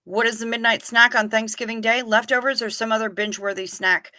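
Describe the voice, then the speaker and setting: Chatty woman streamer with a bright voice. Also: fairly high pitch, little pitch movement, no echo. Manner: chatty, reacting to comments with quick asides. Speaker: livestream host reading chat. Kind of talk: casual chat.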